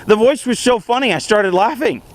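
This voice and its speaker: High-voiced young man giving earnest advice. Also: brisk. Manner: earnest and animated, with frequent chuckles. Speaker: vlogger. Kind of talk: casual self-help monologue.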